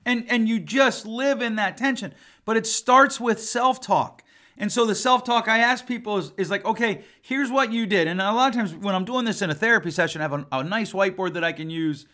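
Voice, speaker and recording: A man's voice: sits high, brisk, bright, forceful tone. A man in his forties, a family therapist, talking in a casual, emphatic and blunt way. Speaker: family therapist and podcast host. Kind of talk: casual podcast talk.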